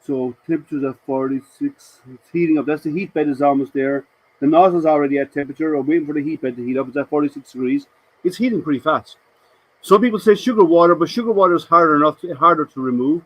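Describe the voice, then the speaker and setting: A man's voice: on the high side, fast talker, fairly bright tone, low-quality recording. A man hosting a casual live stream, chatting to viewers and answering their comments with rambling, hesitant talk.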